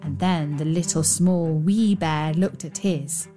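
A woman's voice: low voice, slow pace, dark tone, faint music behind. Woman narrating a fairy tale. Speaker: storyteller.

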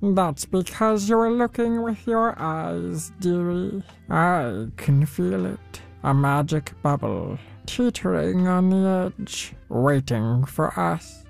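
A man voicing an old, knowing grandma creature with a tail, speaking croakily. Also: sits high, expressive, slow, soft background music, full character voice. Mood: mysterious. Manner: croaky, knowing, calls others dearie.

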